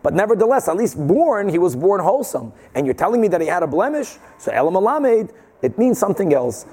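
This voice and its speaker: A man teaching a Talmud class, explaining the Gemara with animated rhetorical questions and Hebrew and Yiddish terms. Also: high voice, a little fast, breathy edge. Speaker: Torah teacher.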